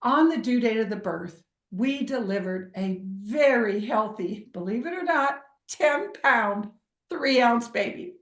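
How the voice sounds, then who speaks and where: A middle-aged woman telling a personal story in an expressive way, acting out the voices of the people in it. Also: fairly high pitch, unhurried, echoey room. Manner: expressive, acts out quoted voices. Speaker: speaker sharing a personal story.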